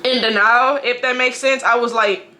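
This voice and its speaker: Bright-voiced woman telling a painful story. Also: a little high, steady tone. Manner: halting, emotional storytelling with frequent restarts and profanity. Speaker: mother. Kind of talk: personal testimony to camera.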